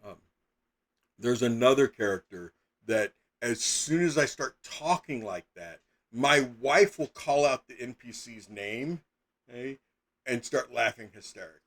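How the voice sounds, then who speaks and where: A man's voice: medium pitch, expressive, a little slow, a bit bright. A middle-aged man chatting casually as a game master on a live stream, rambling with lots of fillers and sudden emphatic bursts.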